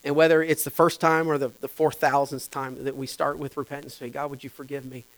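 A man preaching a sermon, moving between hushed whispers and loud, impassioned stretches with lots of repetition. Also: medium pitch, little pitch movement, fairly quick, low-quality recording. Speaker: pastor.

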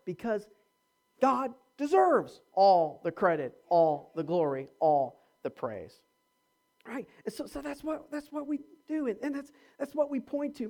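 A pastor preaching a sermon, emphatic, repeating words and restarting phrases, and asking the congregation rhetorical questions. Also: mid-range voice. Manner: swings from quiet asides to near-shouting.

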